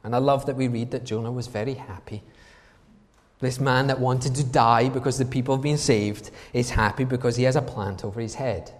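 A man's voice: mid-range voice, fairly even intonation, brisk. A man preaching a sermon in an emphatic way, asking the congregation rhetorical questions. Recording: long reverb from a large hall.

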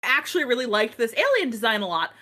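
A woman co-hosting a casual podcast chat, rambling and animated, swearing freely. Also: fairly high pitch, fast talker. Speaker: podcast co-host.

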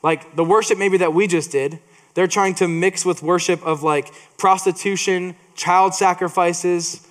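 A man's voice: sits high, fairly even intonation, a little slow. A man preaching a sermon, reading scripture and adding playful asides with frequent restarts.

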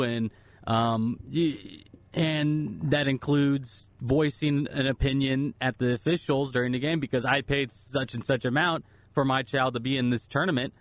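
A man of middle pitch speaks as a radio co-host in an easygoing, rambling way, with halting starts. His voice sounds dry and close to the studio mic. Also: fairly even intonation, no echo. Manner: casual, hesitant, rambling with fillers. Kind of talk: radio talk show chat. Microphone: studio microphone.

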